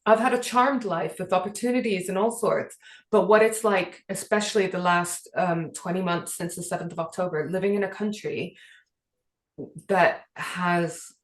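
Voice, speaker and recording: Woman co-host raised in Britain, earnest and emotional, slightly low voice, echoey room. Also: fairly even intonation, moderate pace. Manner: earnest, emotional, many fillers. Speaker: podcast co-host. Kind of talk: casual chat.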